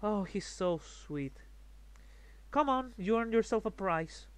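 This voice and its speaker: A man voicing a seductive, possessive female vampire elder with a soft teasing purr. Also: mid-range voice, lively intonation, slow, clear, resonant tone, dry recording.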